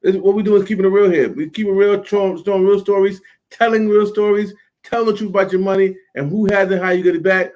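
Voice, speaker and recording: A man with a high voice hosts a livestream over a video call. He keeps the energy high, repeating his calls to listen and cheering on the guests. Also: steady tone, fast, a little mellow. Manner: repetitive, hyped-up calls to listen. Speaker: livestream host. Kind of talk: hype host banter.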